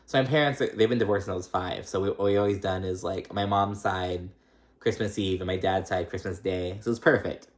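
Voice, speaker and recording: A young man talks through a reality show recap in a loose, chatty way. He swears freely, laughs often, and jumps into a high mocking voice when quoting people. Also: fairly even intonation, fairly quick. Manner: chatty and profane, laughing often, mimicking cast members in a high voice.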